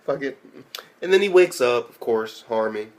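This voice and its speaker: A man's voice: mid-range voice, expressive, moderate pace. A man recapping an anime episode in a casual, profane way, often incredulous and laughing as he retells it. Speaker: anime reviewer.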